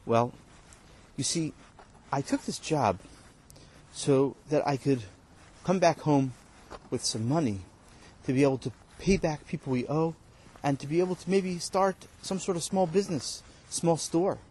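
A man's voice: on the high side, measured pace, pauses often, darkish tone, breathy edge. A man voicing a poor, timid farmhand who hesitantly pleads for his wages. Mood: timid pleading. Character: poor timid male farmhand asking for pay.

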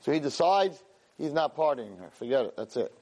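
Man, class teacher, storytelling, excited, repeats himself, middle pitch. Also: fairly quick. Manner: excited, repeats words, acts out the characters' lines. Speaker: teacher giving a weekly class. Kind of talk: animated storytelling lesson.

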